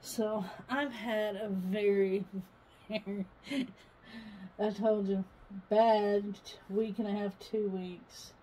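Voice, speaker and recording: Chatty woman, slow homey vlog. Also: mid-range voice, flat delivery, mellow, slight background noise, low-quality recording. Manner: chatty, rambling storytelling with frequent laughs. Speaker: vlogger. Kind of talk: casual home vlog while doing a project. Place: mobile home, indoors.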